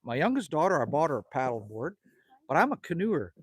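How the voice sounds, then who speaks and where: Lively chatty man in his fifties. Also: fairly high pitch, fairly quick, husky. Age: 50s. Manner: rambling, friendly, chatty. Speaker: livestream host. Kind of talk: casual livestream chat reading comments. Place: outdoors at a country cabin at sunset.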